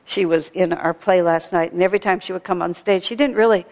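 A woman's voice: lowish voice, quick pace, darkish tone. Woman giving a spiritual talk, storytelling w/ laughs, echoey big hall. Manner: storytelling with laughter and acted-out quotes. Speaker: spiritual speaker. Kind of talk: sermon. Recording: long reverb of a large hall.

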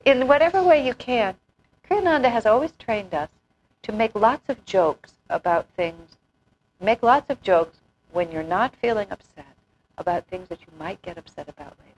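A woman's voice: mid-range voice, big pitch swings, moderate pace, highs cut off, slight background noise. A woman giving an informal spiritual talk, telling anecdotes, acting out quotes and laughing often. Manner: chatty storyteller, laughs often, acts out quotes. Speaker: spiritual teacher.

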